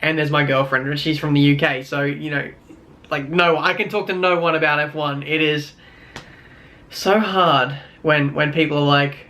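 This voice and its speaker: A man's voice: a little high, steady tone, normal speed, sharp tone. A young Australian man with an Australian accent ranting casually in a vlog, rambling with many fillers and wry complaints. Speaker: YouTuber.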